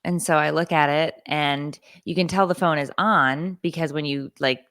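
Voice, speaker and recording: A woman's voice: low voice, steady tone, normal speed, fairly bright tone, no echo, clean studio sound. A woman in her thirties co-hosting a podcast, telling a story in a casual, profane and sarcastic way and acting out other people's lines. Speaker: podcast co-host.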